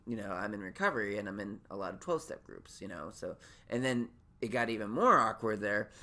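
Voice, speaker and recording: A man's voice: mid-range voice, sharp tone. Rambling neurotic male podcast host. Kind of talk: solo comedic rant.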